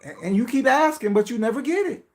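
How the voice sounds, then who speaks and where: A man's voice: very high-pitched, lively intonation, fast talker, darkish tone. A man hosting a podcast, talking in a casual, profane monologue that swings between mocking pleading voices and blunt asides. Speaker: podcast host.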